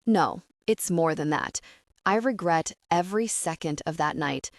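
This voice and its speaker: A woman's voice: low-pitched, animated, measured pace, creaky, no room sound, clean studio sound, heavily acted. A woman voicing a remorseful young man who begs desperately, in an audiobook reading. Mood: pleading.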